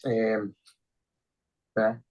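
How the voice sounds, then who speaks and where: A man's voice: fairly low pitch, completely flat delivery, extremely slow, highs cut off. A young man with a Liverpool accent, chatting on a podcast, swearing heavily as he rants with emotion. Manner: heavy swearing, emotional and ranting. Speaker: podcast co-host. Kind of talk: casual podcast chat.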